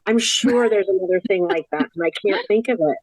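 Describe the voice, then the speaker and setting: A woman's voice: medium pitch, a little fast, no echo, rough recording. A woman guiding a casual podcast discussion, asking the group questions. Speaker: discussion leader. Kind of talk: casual chat.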